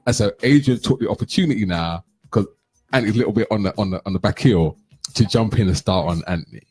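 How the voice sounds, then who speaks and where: A middle-aged man hosting a radio chat, telling lively anecdotes and acting out what people said. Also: fairly low pitch, quick pace, slightly rough. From London. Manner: animated anecdote telling, acts out quotes. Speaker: radio show host. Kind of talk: casual storytelling chat.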